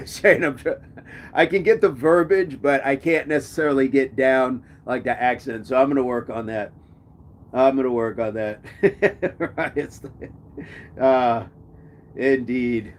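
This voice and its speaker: A man's voice: mid-range voice, a little slow. A man hosting a casual live chat, reading viewers' comments aloud and joking about them. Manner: jokey, reads comments aloud and riffs on them.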